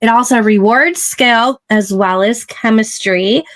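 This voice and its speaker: A woman hosting a casual chat show, explaining things in a measured way. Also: on the high side, fairly bright tone. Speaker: podcast host.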